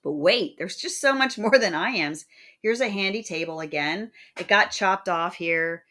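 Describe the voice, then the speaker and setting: A woman's voice: mid-range voice, unhurried, sharp tone. A woman teacher giving a recorded lecture over slides, chatty, chanting syllables aloud to show rhythm. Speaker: literature teacher.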